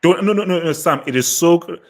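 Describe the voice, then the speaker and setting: A man's voice: on the high side, fairly quick, low-quality recording. Rambling man hosting a panel. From Nigeria. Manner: rambling, full of fillers, animated and laughing. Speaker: host of a live panel. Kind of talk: casual panel discussion.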